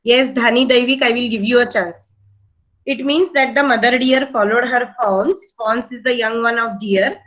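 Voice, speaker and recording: Indian English woman teacher, slightly high voice, patient and repetitive, coaching pupils through reading. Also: steady tone, normal speed, a bit bright, highs cut off. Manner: patient, repeats instructions, prompts and corrects pupils. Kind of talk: online reading class.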